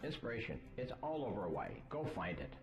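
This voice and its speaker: A man voicing a car commercial with slow, dramatic, breathy phrasing. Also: mid-range voice, very animated. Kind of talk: car dealer commercial voice-over. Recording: echoey ad voice-over with music.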